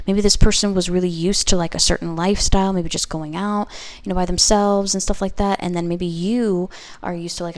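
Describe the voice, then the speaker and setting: Young female tarot reader, gravelly and lowish, loose and chatty with constant check-ins to the viewer. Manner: chatty, heavy use of "like" and "okay?". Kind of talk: casual tarot reading to camera.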